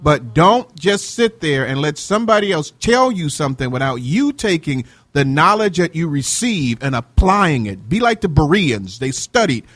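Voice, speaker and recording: A man's voice: on the high side, big pitch swings, normal speed, hardly any pauses, fairly bright tone. A man hosting a talk show, joking around and preaching with lots of fillers. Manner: jokey, preachy, many fillers. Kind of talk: casual talk show chat.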